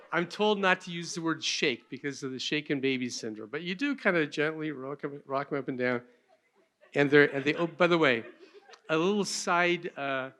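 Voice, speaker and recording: An older male pediatrician explaining and demonstrating baby care in a gentle, plainspoken, self-deprecating way. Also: on the high side. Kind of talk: demonstration and conference talk.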